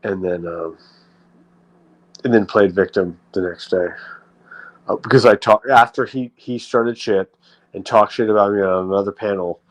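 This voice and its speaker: A man's voice: fairly low pitch, moderate pace, pauses often, low-quality recording. A man hosting a livestream, talking in a rambling, profane way with frequent restarts. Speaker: livestream host. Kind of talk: casual livestream rant.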